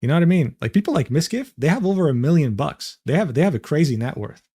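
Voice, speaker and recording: A man's voice: on the high side, very animated, quick pace, mellow, slightly rough. A young man reacting to a clip on stream, incredulous and swearing, breaking into laughter often. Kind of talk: casual reaction commentary.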